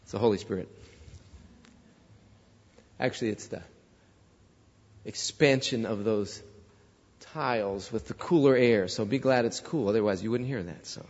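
A man's voice: on the low side, a little slow, long pauses, breathy edge. A man preaching a sermon, telling stories and asking the congregation rhetorical questions. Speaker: pastor. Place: large church sanctuary. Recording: dull lo-fi reverberant church recording.

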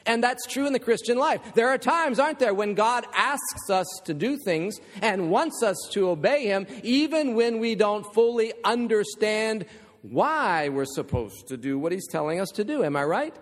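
A man's voice: sits high, animated, moderate pace. A man preaching a sermon, telling a story with rhetorical questions and humorous asides. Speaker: pastor. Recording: long reverb of a large hall.

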